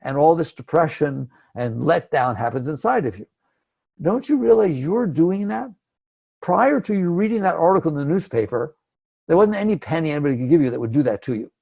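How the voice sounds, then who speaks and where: A man's voice: on the high side, expressive, brisk, gravelly, darkish tone. A man giving a conversational spiritual talk, emphatic and acting out inner thoughts. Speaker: spiritual teacher.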